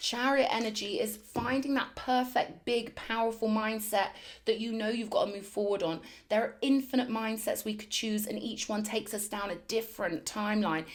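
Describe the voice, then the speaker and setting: High-voiced woman giving tarot readings. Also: fairly even intonation, normal speed. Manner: emphatic, affirming, repeats phrases for effect. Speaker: tarot reader.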